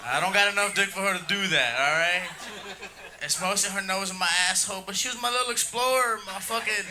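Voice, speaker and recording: A man's voice: high voice, a crowd in the background. A man doing a self-deprecating, crude stand-up set, drawing out his lines in a comedy club. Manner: self-deprecating, drawn-out delivery. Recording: live club with loud room noise.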